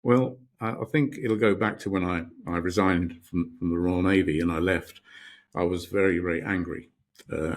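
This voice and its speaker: A middle-aged British man, a podcast guest, telling stories reflectively with many restarts. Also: deep voice. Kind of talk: storytelling in a podcast interview.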